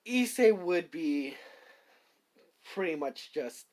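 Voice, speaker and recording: Rambling fan storyteller, lively pitch. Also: slow. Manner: rambling, many fillers and restarts. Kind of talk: casual improvised fan story narration.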